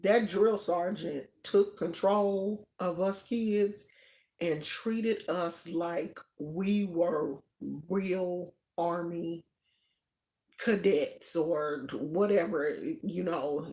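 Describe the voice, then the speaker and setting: A woman from California telling a personal story in a casual, animated way, often laughing. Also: on the low side, extremely slow. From Oakland, California. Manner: animated, laughs often, acts out quoted voices.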